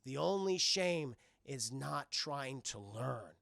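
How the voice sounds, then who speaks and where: A kind, patient older man from a cartoon, as a reviewer puts him on. He speaks gently and encouragingly, with a slight gravel in the voice. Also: mid-range voice, animated, takes it slowly, no echo, clean studio sound, pitched below the performer's own voice, full character voice.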